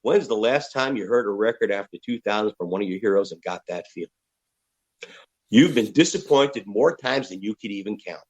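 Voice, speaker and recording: A man's voice: on the low side, a little fast, poor audio. A man in his fifties, a rock musician telling candid, profane stories as an interview guest. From United States. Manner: profane, animated storyteller.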